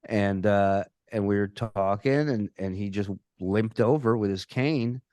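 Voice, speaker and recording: A man telling a story as a podcast guest, animated and profane, often repeating words as he restarts his sentences. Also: lowish voice, a little slow, dry recording, studio quality. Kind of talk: casual storytelling.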